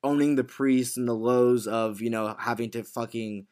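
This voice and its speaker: Excited man recapping a TV episode. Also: mid-range voice, moderate pace, clear, resonant tone. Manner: animated retelling with acted quotes, swearing. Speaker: podcast co-host. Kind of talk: casual chat recapping a TV episode.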